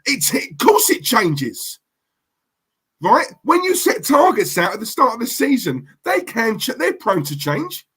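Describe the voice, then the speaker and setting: A man's voice: very high voice, huge pitch swings, measured pace, a bit bright, husky. A man ranting to camera as a football fan vlogger, heated and emphatic, repeating himself for effect.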